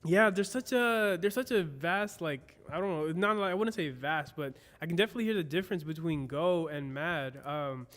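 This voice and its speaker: A man hosting an interview in a studio, friendly and halting with lots of fillers. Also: a little high, fairly bright tone, big-room sound. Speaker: host. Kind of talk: casual interview chat. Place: recording studio.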